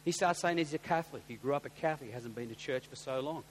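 An Australian man preaching as a pastor, telling personal stories and swinging from hushed asides to loud, excited exclamations. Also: medium pitch, quick pace, slight background noise. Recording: long reverb of a large hall.

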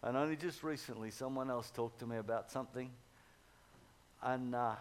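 A middle-aged pastor preaching a sermon, telling stories with animated swings from loud urging to hushed tones. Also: male voice, medium pitch, moderate pace.

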